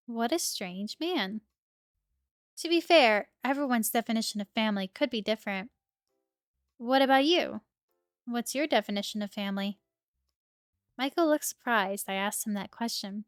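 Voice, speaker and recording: A young woman streamer reading a romance game's narration aloud in a steady storybook manner, close to her microphone. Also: on the high side, normal speed, clean tone, no room sound, soft background music. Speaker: streamer reading a visual novel.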